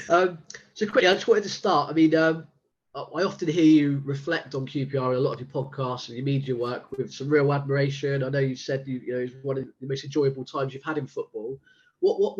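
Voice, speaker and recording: A man of middle pitch hosts a casual interview, easing into questions with plenty of "um" and restarts. His voice comes through a dull, lo-fi line. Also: brisk, darkish tone. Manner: hesitant, filler-laden questioning. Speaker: podcast host. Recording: muffled lo-fi sound.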